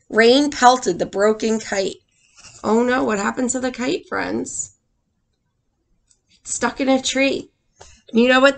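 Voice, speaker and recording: A young woman teacher reading a picture book aloud to small children, with expressive sound effects and questions to the class. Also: on the high side, creaky.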